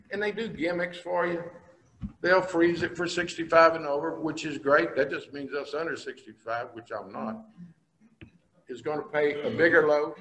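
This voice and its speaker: A man's voice: high-pitched, fairly bright tone. An older man from Texas, a state senator, telling folksy stories in a speech to a business breakfast. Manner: folksy storytelling, plain-spoken. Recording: long hall reverb.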